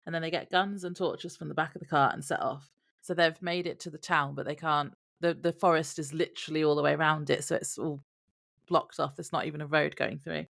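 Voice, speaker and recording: A woman's voice: sits low, steady tone, a little fast, vocal fry, a bit bright. A woman co-hosting a podcast, summarizing episode events from her notes with wry asides. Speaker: podcast co-host. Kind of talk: casual podcast chat.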